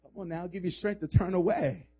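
A man's voice: sits high, a little fast, husky. A male pastor preaching a sermon in a church, urging the congregation with emphatic calls and slipping into casual, joking asides. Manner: emphatic, call-and-response urging. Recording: dull lo-fi sermon audio.

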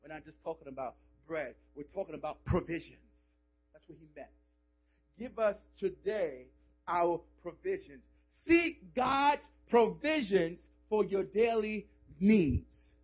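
A male pastor with a high voice preaches in a church, pressing his points with emphatic calls and casual, joking asides. The recording is dull and lo-fi. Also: expressive, unhurried, husky, soft background music. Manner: emphatic, call-and-response urging. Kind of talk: sermon. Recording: dull lo-fi sermon audio.

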